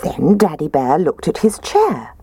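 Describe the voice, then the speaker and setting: A woman reading a children's story aloud in a gentle, expressive way. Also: deep voice, unhurried, slightly rough, dry recording.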